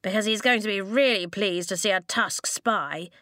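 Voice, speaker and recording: A woman voicing a gloomy, anxious boy twin who speaks softly and despairingly. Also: mid-range voice, normal speed, no room sound, studio quality, close to an everyday voice. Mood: sarcastic.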